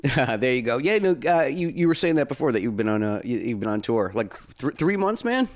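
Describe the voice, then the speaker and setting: Man, podcast host, casual chat, playful, laughs a lot, lively up-and-down voice. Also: medium pitch, a little fast. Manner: playful and joking, laughs often.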